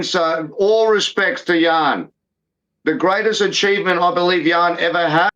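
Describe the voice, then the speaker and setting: A man's voice: fairly high pitch, a bit bright. A man in his fifties co-hosting a fight podcast, talking in emphatic, repetitive bursts and swearing freely. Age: 50s. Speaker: podcast co-host. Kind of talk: casual sports banter. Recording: dull lo-fi sound.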